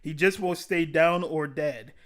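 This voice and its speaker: On a live stream, a man with a voice on the high side talks at a measured pace, reading out viewers' comments. His game talk rambles, full of profanity and frequent laughter.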